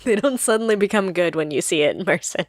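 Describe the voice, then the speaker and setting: A woman co-hosting a podcast, chatting in a relaxed, agreeable way and laughing easily. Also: on the low side, fast talker, no echo, studio quality. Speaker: podcast co-host. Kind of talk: casual chat.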